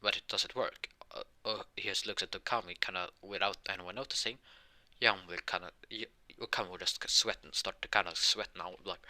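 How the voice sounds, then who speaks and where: A man with a low voice and a sharply bright tone tells an improvised fan story. He rambles, restarts sentences and leans on filler words as he goes. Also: steady tone, a little fast. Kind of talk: improvised fan-fiction narration.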